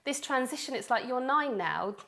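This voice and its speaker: A woman's voice: high-pitched, expressive, moderate pace, pushed and bright. A woman, a mother co-hosting a faith-based parenting chat show, who tells stories and acts out the dialogue. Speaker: co-host, mother.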